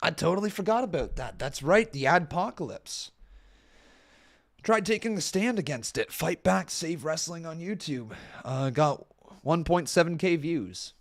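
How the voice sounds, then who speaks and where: A man's voice: on the high side, expressive, measured pace. A young man from Canada doing casual live-stream commentary, exclaiming and laughing often as he looks back at old videos.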